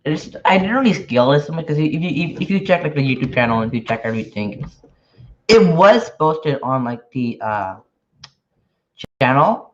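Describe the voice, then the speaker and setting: A podcaster and newsletter writer chats casually on a livestream as he works, his slightly high voice expressive and at normal speed. He sounds nervous and hesitant, often restarting and using filler words. The stream audio is dull and lo-fi, with a bit of hiss or hum.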